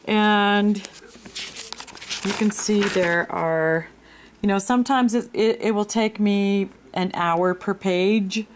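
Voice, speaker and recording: A woman narrating a screen-recorded tutorial, explaining her steps in an unhurried way with frequent ums. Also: medium pitch, fairly even intonation, slight background noise. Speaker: music software instructor.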